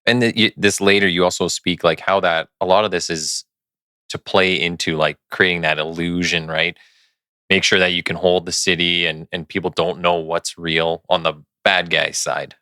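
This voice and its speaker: A man with a very deep voice that is also bright and clear, co-hosting and asking a guest a halting follow-up question. The recording is dry. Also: little pitch movement, no echo. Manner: brief backchannels and a short, halting question. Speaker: podcast co-host. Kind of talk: interview questions.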